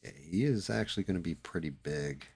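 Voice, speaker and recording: A husky, low-pitched man with a darkish tone and vocal fry talks animatedly and fairly quickly, with no echo. Painting at his hobby desk on a live stream, he chats casually into a headset, swearing and muttering as he goes.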